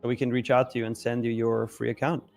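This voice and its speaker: A man in his thirties co-hosting a live trading stream, relaxed and jokey as he talks to the chat. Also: medium pitch, fast, gravelly, soft background music. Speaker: co-host of a live trading show. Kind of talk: casual live-stream banter.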